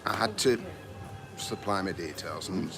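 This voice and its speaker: Male guest, low voice, relaxed storyteller, loud music underneath. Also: measured pace. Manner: laughs between lines, relaxed storytelling. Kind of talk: casual anecdote telling. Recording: loud music playing behind.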